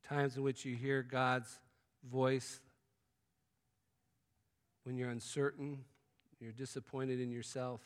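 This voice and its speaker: A man preaching a sermon, swinging from loud exclamations to hushed, intimate tones. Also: medium pitch, little pitch movement, slow, pauses often, smooth. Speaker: pastor. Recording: long hall reverb.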